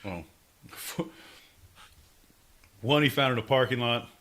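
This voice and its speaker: A man's voice: medium pitch, slow, a bit bright. A man co-hosting a podcast, teasing his friend in goofy, casual comedy banter. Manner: goofy, teasing, jumps into silly voices. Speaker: podcast co-host.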